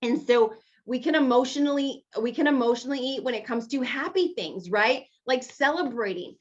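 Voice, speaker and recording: A woman's voice: high voice, normal speed, lo-fi sound. Chatty woman coaching a group on a call. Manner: chatty and encouraging, talks to the group directly. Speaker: weight-loss coach.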